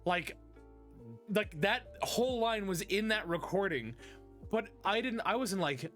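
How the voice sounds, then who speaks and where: A man's voice: high voice, a little slow, soft background music. A man hosting a casual interview, telling stories with animation and humming bits of songs, with a slight lisp and a tired voice. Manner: animated storyteller, hums song snippets. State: tired, strained voice. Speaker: podcast host and voice actor.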